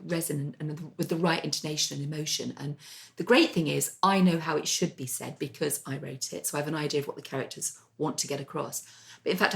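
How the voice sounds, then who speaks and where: Low-voiced, fast-talking woman. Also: vocal fry. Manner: chatty, self-deprecating, rambling asides. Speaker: podcast co-host, novelist. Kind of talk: casual chat.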